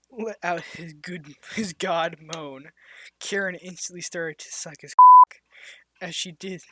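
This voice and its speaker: A reader giving a comedic reading of explicit fan fiction, stumbling over words and breaking into laughter. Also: mid-range voice. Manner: reads in a flat storytelling tone, now and then dropping to a whisper.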